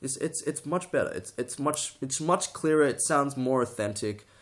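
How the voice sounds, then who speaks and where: A man's voice: medium pitch, normal speed. A young man talking to the camera in a casual tutorial, rambling, restarting sentences and getting sidetracked. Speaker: vlogger.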